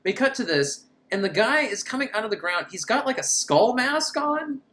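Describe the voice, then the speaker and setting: Female host, film recap, incredulous and sarcastic, very animated pitch. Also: normal speed. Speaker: film reviewer. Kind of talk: comedic movie recap.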